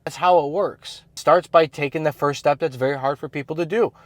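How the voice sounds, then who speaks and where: This coach for men's self-improvement has a voice on the high side and speaks fairly quickly. His casual advice monologue is blunt and slangy, heavy with "like" and "you know," captured in a dry recording.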